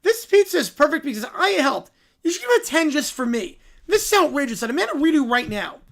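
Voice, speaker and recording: A man's voice: very high-pitched, sing-song, vocal fry, a bit bright, voice pushed up, full character voice. A man doing a whiny, bossy little kid. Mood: indignant. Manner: whiny, complaining, drawn-out. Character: whiny, bossy young child making pizza. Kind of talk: reading an AI-written skit aloud.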